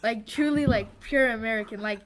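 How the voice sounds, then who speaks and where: A woman speaking as a student in a casual class, chatty and full of quick acknowledgments. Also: a little high. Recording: noisy recording.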